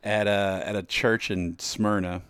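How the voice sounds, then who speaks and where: A man's voice: on the low side, measured pace, smooth, no echo, clean studio sound. A man on a podcast as the guest musician, telling stories and acting out the voices of the people in them. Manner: lively storyteller acting out quoted voices. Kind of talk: podcast storytelling.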